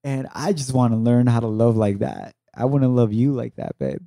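Middle-aged male podcast co-host, warm dark tone, earnest and encouraging, dry close mic. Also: medium pitch, moderate pace, gravelly, no echo. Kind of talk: heartfelt conversation with his wife.

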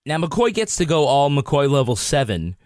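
A man's voice: fairly high pitch, big pitch swings, normal speed, a little mellow, no room sound, clean studio sound, soft background music. A man co-hosting a podcast in casual chat, joking and laughing often. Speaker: podcast co-host.

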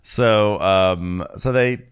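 A man's voice: fairly low pitch, drawn-out words, clean tone. A man co-hosting a casual comedic recap chat, mimicking the people he quotes in exaggerated tones. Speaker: podcast co-host recapping a reality show.

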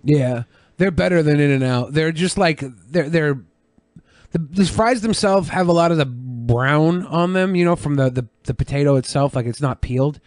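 A man's voice: on the high side, moderate pace, a little mellow, no echo, studio quality. A man co-hosting a podcast, telling rambling, crude stories in casual chat. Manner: rambling storyteller, crude jokes. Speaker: podcast co-host. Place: podcast studio.

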